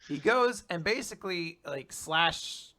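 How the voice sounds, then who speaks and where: A man's voice: fairly high pitch, lively intonation, slow, sharp tone. A man co-hosting a podcast, animatedly recapping a manga in casual chat and acting out the characters. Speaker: podcast co-host.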